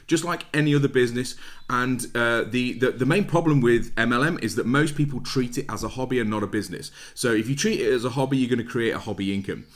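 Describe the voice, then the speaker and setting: A middle-aged man with a British accent gives straight-talking advice to camera in a casual, motivational tone. His voice sits at an ordinary middle pitch, and he hammers home his points by saying them twice. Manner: blunt, plain-spoken, repeats points for emphasis. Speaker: network marketing vlogger.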